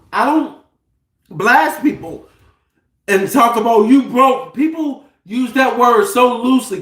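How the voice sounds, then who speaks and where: Guy in his 30s talking on a livestream, high voice, cussing and joking, echoey room. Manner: animated, profane, joking. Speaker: livestream host. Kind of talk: casual livestream talk.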